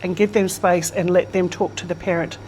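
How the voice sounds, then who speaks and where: An older woman with a fairly low voice talks through an interview in a relaxed, reflective way, quick to laugh. Faint ambient noise sits under her voice. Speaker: interview guest. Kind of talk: casual conversation.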